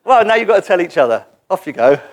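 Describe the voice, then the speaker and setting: A man preaching a sermon in a church gathering, animated and joking as he leads the congregation in call-and-response. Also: high voice, racing, a little hiss or hum.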